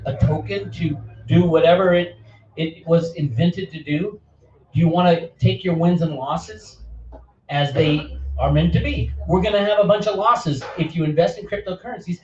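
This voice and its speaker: Middle-aged man, fiery ranting channel host, fairly high voice, distant roomy lo-fi sound. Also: a little mellow. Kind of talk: impassioned speech.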